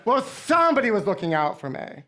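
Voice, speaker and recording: A man's voice: sits high, fairly quick. Campy gossiping man telling stories. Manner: campy, gossipy, deadpan punchlines. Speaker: comedy show host. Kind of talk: comic storytelling to a live audience.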